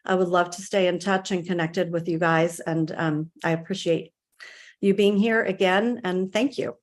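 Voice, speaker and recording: A woman speaker closing her talk, halting with many fillers. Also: fairly low pitch, fairly even intonation. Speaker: summit speaker. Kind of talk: closing remarks.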